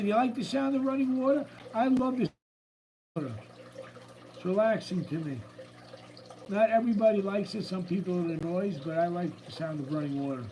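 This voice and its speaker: Man, high-pitched, live-stream host, casual upbeat chat, faint running water behind. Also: warm tone, a little hiss or hum, poor audio. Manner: chatty and upbeat, greeting viewers by name. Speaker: livestream host. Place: room at home with a running water tank. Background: faint running water from a tank.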